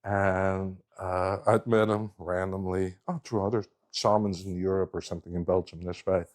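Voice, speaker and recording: Middle-aged guy, lowish voice, chatty storyteller, keeps restarting sentences. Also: moderate pace. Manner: rambling, animated storyteller with frequent restarts. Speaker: guest speaker. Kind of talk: casual storytelling talk.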